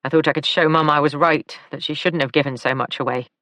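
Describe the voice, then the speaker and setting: A woman reading a tired, injured man who talks softly and apologetically in an audiobook. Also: sits low, fairly even intonation, fast talker, dry recording. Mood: weary.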